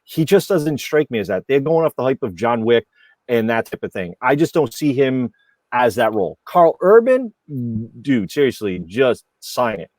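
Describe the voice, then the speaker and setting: A man's voice: mid-range voice, lively intonation, normal speed, a little mellow, no room sound, studio quality. A man giving blunt, emphatic opinions as a panelist in a casual podcast chat.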